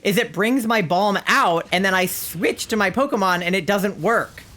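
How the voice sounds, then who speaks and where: A streamer giving live gameplay commentary, exasperated and swearing often, with sudden yelps and shouts. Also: mid-range voice, normal speed. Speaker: streamer playing a video game.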